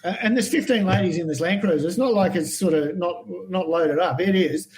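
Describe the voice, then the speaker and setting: An Australian man telling animated stories as a guest in a podcast interview, acting out the voices of people he quotes. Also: high voice, brisk, poor audio. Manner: animated anecdotal storyteller, acts out quoted voices. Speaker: guest herpetologist.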